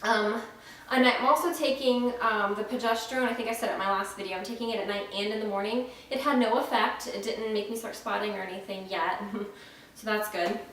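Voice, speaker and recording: Her voice mid-range, steady, brisk, and a little bright, a young vlogger from Florida chats frankly about her pregnancy indoors at home, with many ums and restarts. She seems dry-mouthed and short of breath. The microphone sits far away in a very echoey room with faint noise.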